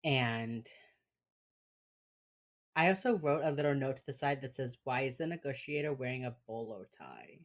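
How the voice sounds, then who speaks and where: A woman with a Miami Cuban-American accent and a very deep voice co-hosts a podcast in loose, casual chat. She talks in a laid-back way, with lots of fillers and swearing. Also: big pitch swings, moderate pace, long pauses. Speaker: podcast co-host. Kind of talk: casual chat recapping an episode.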